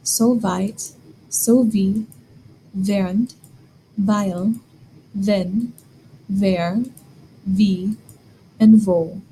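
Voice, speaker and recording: A woman's voice: mid-range voice, steady tone, extremely slow, long pauses, dark tone, a little hiss or hum, poor audio. A woman teaching a German grammar lesson, explaining step by step and asking the learner questions.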